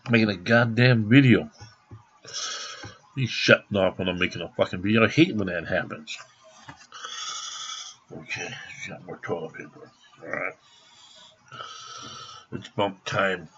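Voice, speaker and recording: A man's voice: sits low, unhurried, long pauses, fairly bright tone, husky. A man vlogging from home by his computer, rambling, repeating himself and swearing freely, in a dull lo-fi recording. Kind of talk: rambling casual vlog.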